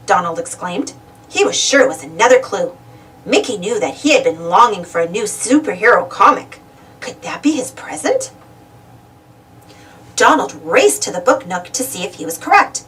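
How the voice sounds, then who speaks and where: A woman reading a children's storybook aloud, expressive and animated, a little away from the mic. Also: medium pitch, moderate pace, recorded from a distance, poor audio. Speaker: storybook reader.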